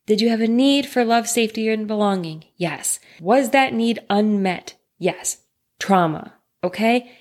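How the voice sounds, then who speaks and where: A woman talking straight to the listener in an earnest, reassuring way, asking rhetorical questions as she explains. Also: medium pitch. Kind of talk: direct-to-listener talk on trauma.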